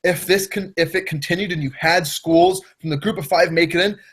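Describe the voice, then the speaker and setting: A man's voice: sits high, fairly even intonation, brisk, breathy edge. A man co-hosting a casual sports debate podcast, insistent and explaining his argument at length. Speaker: podcast co-host.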